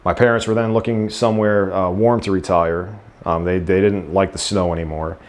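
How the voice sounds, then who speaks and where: A man's voice: low-pitched, steady tone, normal speed. A man in his thirties from Staten Island with a New York accent, chatting easily as an interview guest with frequent fillers and restarts. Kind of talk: casual interview chat.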